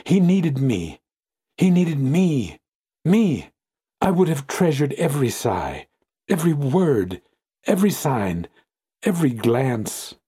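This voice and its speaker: A man's voice: mid-range voice, big pitch swings, unhurried, mellow, husky, pitched above the performer's own voice, exaggerated voice. A man reading an audiobook, voicing a devoted, anguished young woman who pleads and repeats herself in grief. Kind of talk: audiobook character voice.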